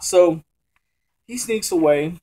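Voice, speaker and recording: A young man chats casually about a comic he is reviewing, filming at home in the middle of a move. His voice sits a bit high but has a mellow, soft edge. He rambles, restarts sentences and corrects himself in easy slang. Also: takes it slowly. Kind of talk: casual chat. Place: room at home during a move.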